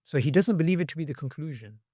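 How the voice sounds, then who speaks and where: A man on a podcast as a guest, talking with animation and acting out quoted voices with sharp jumps in pitch. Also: lively intonation, fast, no room sound, studio quality. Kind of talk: podcast conversation.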